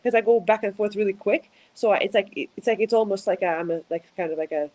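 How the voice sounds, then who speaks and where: A woman whose first language is Russian, interpreting in casual podcast chat, halting and searching for words, often giggling. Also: medium pitch, a little mellow, rough recording.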